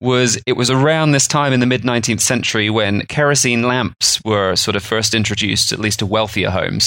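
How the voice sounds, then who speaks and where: A man's voice: lowish voice, creaky, a bit bright, dry recording. A man, co-hosting a podcast and explaining food history in a rambling, chatty way. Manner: rambling, chatty storytelling with fillers. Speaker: podcast co-host. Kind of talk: casual explanatory chat.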